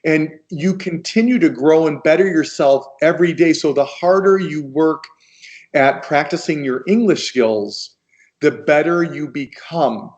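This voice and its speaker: An American man speaking as a guest on a video call, talking in a slow, gentle and encouraging way. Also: fairly high pitch. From United States.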